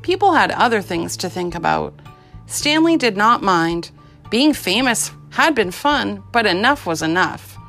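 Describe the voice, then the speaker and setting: A woman narrating a children's storybook aloud with expressive, lively storytelling. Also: mid-range voice, unhurried, faint music behind. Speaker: audiobook narrator.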